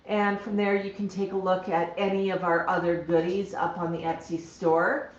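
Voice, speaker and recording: This woman speaks in a lowish, flat voice at a moderate pace while livestreaming casually from home. She baby-talks and coos at her parrots before turning to chat plainly with her audience, all captured in a dull, roomy home recording.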